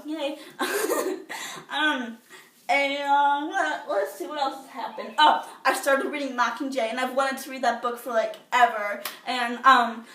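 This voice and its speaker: Somewhat distant from the mic in an echoey room, a teen girl vlogger chats casually to the camera. Her slightly high, a bit bright voice comes across bubbly and rambling, full of fillers and restarts.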